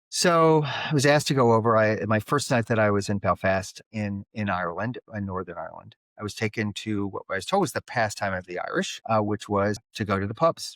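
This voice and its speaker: A man's voice: fairly low pitch, a bit bright, no room sound. An older man with a Philadelphia and South Jersey accent and a nasal voice, telling stories as a podcast guest. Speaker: guest, conflict mediator. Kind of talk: storytelling in a podcast interview.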